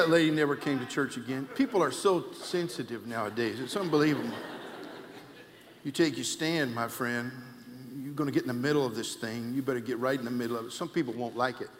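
A male pastor, preaching a sermon with shouted emphasis and telling comic anecdotes. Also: medium pitch, a little hiss or hum. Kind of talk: sermon with storytelling. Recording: long hall reverb.

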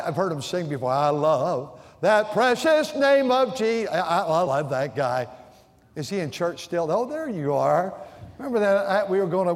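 This pastor's voice sits on the high side with a darkish tone as he delivers a sermon full of stories. He acts out quotes vividly, frequently restarting and repeating himself, while the sanctuary's long hall reverb lingers on every word.

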